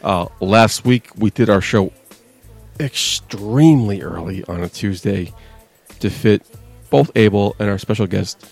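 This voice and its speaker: Gravelly man telling loose stories. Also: on the low side, a little slow, darkish tone, soft background music. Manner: loose, profane storytelling. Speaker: podcast co-host. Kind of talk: casual chat.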